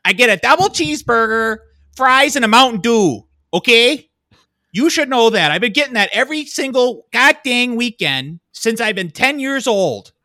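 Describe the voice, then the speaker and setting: A Minnesotan man putting on an irate, entitled middle-aged regular customer who complains loudly. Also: very high voice, lively intonation, normal speed, no room sound, voice pushed up, heavily acted. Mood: indignant. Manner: shouting, indignant complaints. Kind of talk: comic impression in podcast chat.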